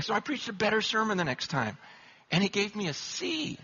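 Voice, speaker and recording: Male pastor, humorous sermon storytelling, high bright tone, husky edge, muffled lo-fi recording. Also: a little fast. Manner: self-deprecating, animated storytelling.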